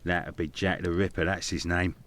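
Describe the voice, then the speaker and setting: A gossipy, working-class barman for a video game. He speaks bluntly and rough-spoken in a low voice. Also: level tone, normal speed, a bit bright.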